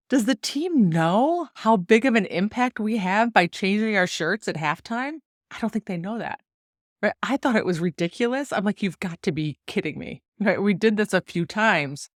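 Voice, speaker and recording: A woman in her forties from the United States, hosting a solo podcast and telling stories in a chatty, lively way with frequent laughs. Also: mid-range voice, measured pace, dry recording, studio quality. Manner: chatty, animated storytelling with laughs. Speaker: podcast host and golf coach.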